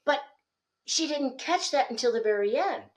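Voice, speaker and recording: A woman speaking coach, a guest on a podcast, telling animated stories and acting out the dialogue. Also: high voice, moderate pace. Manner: animated storyteller, acts out quoted dialogue. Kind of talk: lively podcast conversation.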